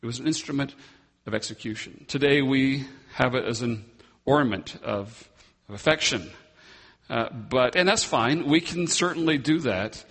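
A man preaching a sermon as pastor, slow and emphatic, with long dramatic pauses. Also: medium pitch, fairly bright tone, husky, big-room sound.

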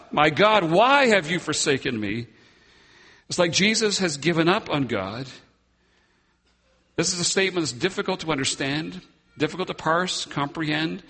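A man preaching a sermon as pastor, slow and emphatic, with long dramatic pauses. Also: medium pitch, a bit bright, husky, in a large hall.

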